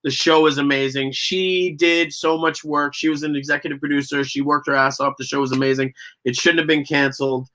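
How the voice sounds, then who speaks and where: A Canadian man, an actor and guest, telling stories in a casual interview, animated and profane, often laughing. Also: on the high side, brisk.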